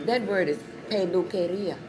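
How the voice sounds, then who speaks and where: A woman chatting casually as she pitches her Spanish dictionary, repeating words and laughing at her own jokes. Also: moderate pace. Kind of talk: casual sales chat with jokes. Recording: crowd noise behind.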